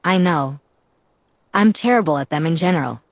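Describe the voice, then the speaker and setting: A woman's voice: low voice, expressive, normal speed, dry recording. A woman voicing a wry young female vampire and former agent in a storybook reading, dry and easygoing.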